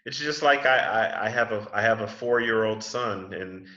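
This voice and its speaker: A man's voice: fairly low pitch, normal speed, bright, forceful tone. A man leading an English class over a video call, friendly and chatty, often repeating and restarting words. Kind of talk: casual class discussion. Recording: muffled video call in an echoey room.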